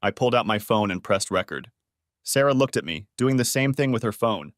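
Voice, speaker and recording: Lively male story narrator, dry sound. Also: lowish voice, fairly quick, dry recording. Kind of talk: first-person scripted story narration.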